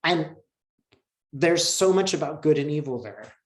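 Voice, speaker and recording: A man in an interview, telling a personal story in an earnest, emotional, reflective way with many pauses and fillers, heard over a video call. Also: a little high, animated. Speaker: interview guest. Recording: roomy echo.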